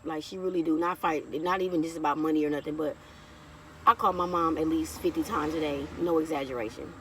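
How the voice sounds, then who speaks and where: In her casual vlog, a woman in her thirties talks directly to viewers, calling them y'all again and again as she tells a heartfelt personal story. Her low voice is steady and brisk, picked up by a distant mic with some hiss or hum.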